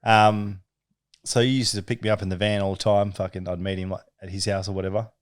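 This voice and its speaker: A man's voice: fairly low pitch, little pitch movement, fast talker, smooth, no room sound, studio quality. A young man co-hosting a podcast, chatting casually with lots of swearing and laughter. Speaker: podcast co-host. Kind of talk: casual banter.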